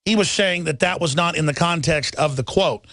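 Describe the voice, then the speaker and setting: A man's voice: fairly high pitch, moderate pace, sharp tone, no room sound. A middle-aged man hosting a talk radio show, delivering an urgent, emphatic monologue and reading headlines aloud.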